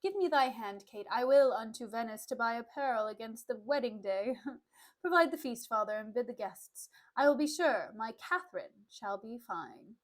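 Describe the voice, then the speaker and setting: A woman's voice: fairly high pitch, expressive, moderate pace, voice pushed down, close to an everyday voice. A boastful young man full of swagger, as a woman reads him aloud in a dropped, mock-manly tone. He brags grandly and speaks in theatrical verse. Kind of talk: dramatic reading of a play.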